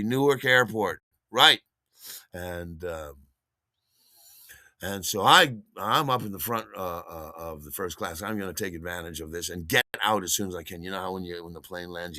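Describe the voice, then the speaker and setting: Male host, low-pitched but bright and forceful, lively storytelling monologue, close dry mic. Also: no room sound. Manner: animated, acts out the voices in his story. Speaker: podcast host.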